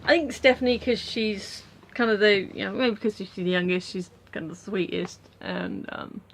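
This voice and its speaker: A woman's voice: mid-range voice, steady tone, normal speed, gravelly, a little hiss or hum. A British woman vlogging to camera in a casual, rambling way, full of ums and restarts.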